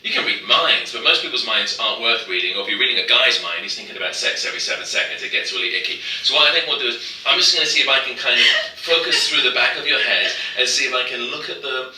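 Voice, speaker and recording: A man's voice: mid-range voice, fast talker, few pauses, sharp tone, far from the mic. A man performing a mind-reading trick as a magician, with joking, teasing patter. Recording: roomy, from off the mic.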